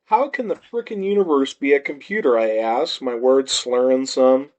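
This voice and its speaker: A man's voice: mid-range voice, moderate pace, few pauses, a little mellow. A man reading a short story aloud in the first person with a wry, laid-back delivery, on a dull lo-fi recording.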